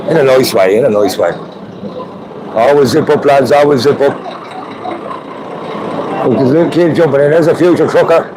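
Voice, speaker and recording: A man with an Irish accent and a mid-range voice speaks at normal speed, pausing often. He's a livestream host chatting with viewers from an outdoor street protest with trucks, with crowd and vehicle noise behind him.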